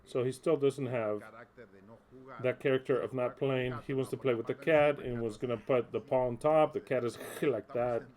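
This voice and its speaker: A male preacher in a mid-range voice telling a personal story during a sermon. His delivery is animated and blunt, with frequent restarts and the occasional swear word. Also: medium pitch, normal speed. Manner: animated and candid, with coarse language and frequent restarts.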